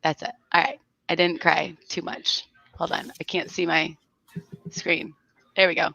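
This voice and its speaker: A woman's voice: on the low side, level tone, measured pace, gravelly, pushed and bright, muffled recording. A woman from South Florida hosting a casual livestream and greeting her viewers by name. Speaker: livestream host.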